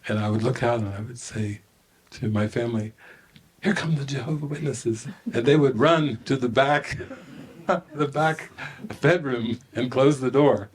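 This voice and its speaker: A man's voice: mid-range voice, measured pace. An older man giving a spiritual retreat talk, telling stories with laughter and acting out the voices of the people in them. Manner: animated storytelling with laughter and acted-out quotes. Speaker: spiritual teacher.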